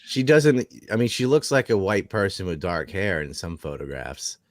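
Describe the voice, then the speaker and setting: A man's voice: low voice, big pitch swings, moderate pace. A man on a live political discussion stream, talking in a crude, mocking way. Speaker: podcast panelist.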